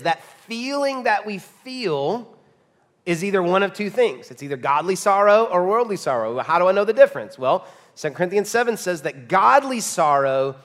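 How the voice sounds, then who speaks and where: A man in his thirties, a pastor preaching a sermon, telling stories in a lively way and laughing along. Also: fairly high pitch. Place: church sanctuary. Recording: long church reverb.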